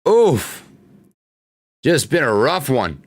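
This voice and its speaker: Extremely slow and full of big pitch swings, the medium-pitched voice belongs to a young man hosting a live stock-trading stream. He casually comments on charts, reads chat out loud, and vents frustration, swearing then laughing it off.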